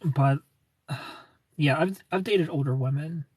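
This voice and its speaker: Husky, slightly high man chatting on a livestream. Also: slow, darkish tone, dry recording, distant mic. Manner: rambling, restarts sentences, chuckles often. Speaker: livestream host answering viewer comments. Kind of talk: casual livestream chat.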